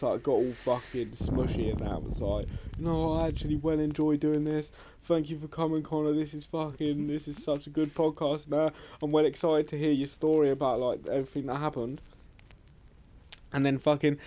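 Young man, mellow and warm voice, rambling, sweary, casual podcast chat. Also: on the high side. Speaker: podcast co-host.

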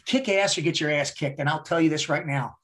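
A man's voice: on the high side, fairly quick, fairly bright tone. A man as a podcast guest talking casually, blunt and heavily profane, driving his points home with repetition. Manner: emphatic, repeats words for effect. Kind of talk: casual interview talk.

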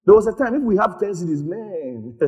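A man's voice: sits high, sing-song, moderate pace, dark tone. A man preaching a sermon, calling for responses and laughing often. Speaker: pastor.

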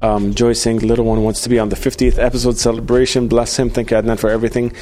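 A man hosting a podcast in casual chat, halting with many fillers and restarts. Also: mid-range voice, flat delivery, dark tone. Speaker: podcast host.

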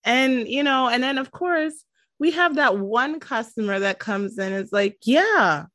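Animated woman podcast host, dry sound. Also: fairly high pitch, moderate pace, no echo. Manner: animated, laughs often, dramatic asides. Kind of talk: casual chat.

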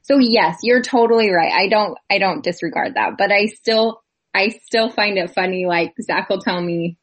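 A woman in casual chat, quick to agree and laughing often. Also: medium pitch.

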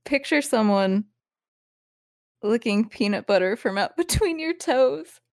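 A woman co-hosting a podcast, giggly and expressive as she chats. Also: fairly high pitch, moderate pace. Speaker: podcast co-host. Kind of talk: casual podcast chat.

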